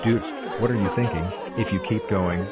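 A man directing a homemade cartoon blooper video, exclamatory and hurried, calling out cuts and takes. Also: on the low side, fairly even intonation, loud music behind the voice, over a noisy crowd. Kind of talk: scripted fan cartoon narration.

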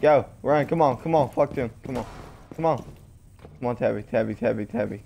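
Gravelly, excitable male gamer. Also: medium pitch, a little fast, slight background noise. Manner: excitable, swears, yells at teammates. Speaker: gaming streamer. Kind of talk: casual gameplay commentary.

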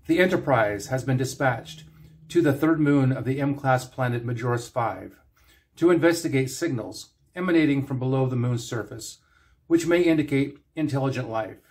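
A man narrates his own fan fiction in a casual, plain voice. His pitch sits in the middle range. He reads in a steady way. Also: moderate pace. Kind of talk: casual intro, then story narration.

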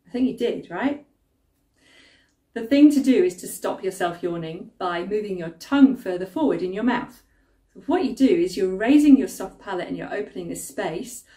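Chatty singing teacher in a roomy space. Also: female voice, mid-range voice, lively intonation, moderate pace, warm tone, distant mic. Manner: friendly, chatty teacher talking straight to students. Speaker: vocal coach. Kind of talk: singing technique lesson. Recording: roomy sound, voice a little off-mic.

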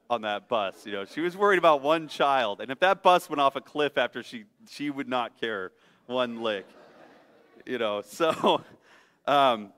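Middle-aged male pastor, chatty animated sermon, smooth voice, long church reverb. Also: fairly high pitch. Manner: chatty and animated, laughing at his own stories. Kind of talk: sermon with storytelling. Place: church sanctuary.

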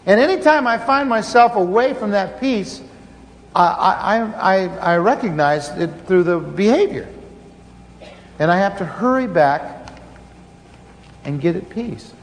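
A man's voice: high voice, expressive, measured pace, long pauses. A man preaching a sermon, telling a story with earnest restarts and fillers. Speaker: pastor. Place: large conference hall. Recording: conference hall reverb, faint noise.

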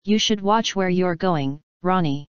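A woman's voice: fairly low pitch, measured pace, smooth, no echo, close to an everyday voice. A woman voicing a scheming young man who mocks and threatens with a smug drawl. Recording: dull dry audiobook recording.

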